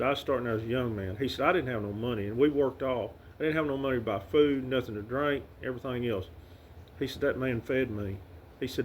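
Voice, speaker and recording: A middle-aged man with a Southern Arkansas accent, telling personal stories to the camera about his late father in a halting, heartfelt way with many fillers and restarts. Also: medium pitch, a little hiss or hum. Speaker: son paying tribute to his late father. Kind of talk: casual heartfelt storytelling to camera.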